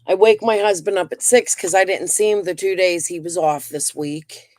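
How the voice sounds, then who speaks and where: A middle-aged woman and grandmother hosting a casual livestream, venting and telling stories in an animated way while getting over a lung infection. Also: fairly low pitch, normal speed, dry recording, clean studio sound. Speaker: livestream host.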